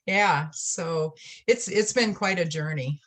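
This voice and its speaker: A middle-aged woman telling stories about her life in a relaxed interview, laughing often and acting out the voices of people she quotes. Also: lowish voice, slow pace. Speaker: guest, spiritualist church trustee. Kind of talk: casual storytelling interview.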